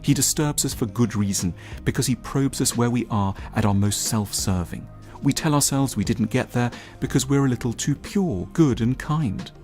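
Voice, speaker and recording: A man speaking in a measured, deliberate way in a played clip. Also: mid-range voice, a little mellow, faint music behind.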